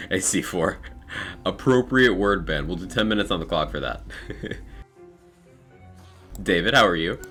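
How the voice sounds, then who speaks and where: Male streamer, very low voice with a bright edge, tired morning rasp, laid-back chat over faint game music. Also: unhurried, long pauses. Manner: reads out viewer names and thanks them, laid-back and chatty. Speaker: live streamer. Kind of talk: casual live-stream chat while gaming.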